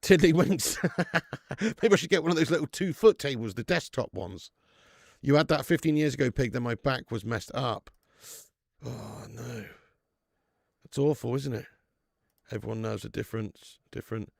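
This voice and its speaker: Gravelly man hosting a watch-along. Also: medium pitch, moderate pace, pauses often, no room sound, clean studio sound. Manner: chatty and rambling, swears freely. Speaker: host of a fan football watch-along stream. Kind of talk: casual live-stream chat, reading out viewer comments.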